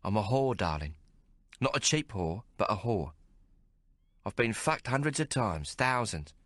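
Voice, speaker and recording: A man voicing a coarse, affectionate young working-class woman with rough, teasing speech in a storybook reading. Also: fairly low pitch, big pitch swings, measured pace, fairly bright tone, dry recording, clean studio sound. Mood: intimate.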